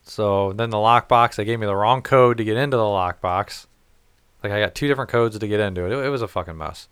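A man's voice: on the low side, quick pace, a bit bright, clean tone, no echo. A man telling a rambling, profane story in casual chat. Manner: rambling, profane, laughs at his own story.

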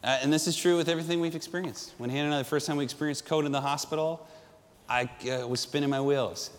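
A middle-aged male pastor preaching a sermon, telling stories with energy and swinging from loud to hushed. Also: a little high, fairly even intonation, fast, long reverb tail.

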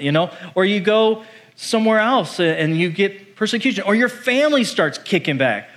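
Animated preaching man, slightly high voice. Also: moderate pace. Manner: animated, conversational preaching that acts out quoted voices. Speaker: pastor. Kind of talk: sermon.

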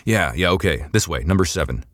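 A harried, flustered starship captain pushing through a crisis, his words rushed and halting, as the narrator voices him. His voice is very deep and recorded dry and close. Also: lively intonation, no room sound. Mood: urgent. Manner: hurried, flustered. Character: harried male ship captain, flustered under pressure.

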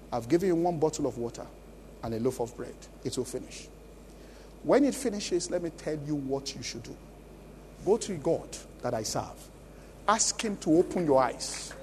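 A man's voice: fairly high pitch, a little mellow, long reverb tail, slight background noise. A Nigerian man preaching a sermon as pastor at a church conference, emphatic and often asking the congregation questions. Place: large church conference hall.

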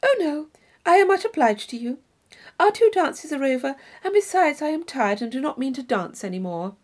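A woman reading an audiobook, voicing a shy, earnest young woman with a quiet, polite, hesitant manner. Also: high voice, big pitch swings, normal speed, pitched above the performer's own voice.

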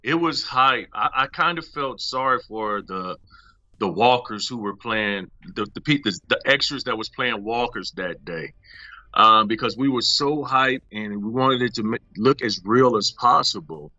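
A man, an actor being interviewed, telling stories from a shoot in a casual, animated way, acting out quotes and laughing often. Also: medium pitch, moderate pace, no echo, lo-fi sound.

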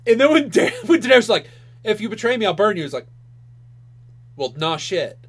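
A man co-hosting a podcast in casual chat, excitable and profane, acting out quotes as he talks. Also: high voice, rapid-fire, breathy edge. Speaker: podcast co-host.

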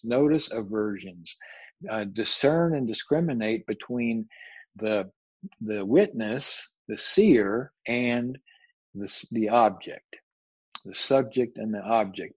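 A man teaching a spiritual lecture in a husky, mid-pitched voice, reflective and often circling back over his words. The sound is dry, with no room echo. The recording is slightly dull and lo-fi. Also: darkish tone. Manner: reflective, searching for words, repeats phrases.

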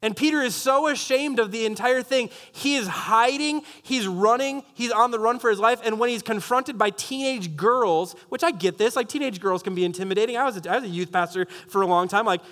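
A man preaching a sermon as pastor, animated and jokey, often restarting sentences and making wry asides. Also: very high voice, brisk, few pauses.

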